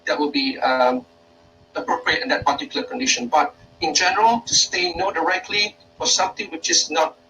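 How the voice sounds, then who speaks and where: A man's voice: fairly high pitch, fairly quick, sharp tone, recorded from a distance, slight background noise, low-quality recording. A Malaysian man, a university lecturer, giving an informal workshop talk in a hesitant way, with many fillers and restarts.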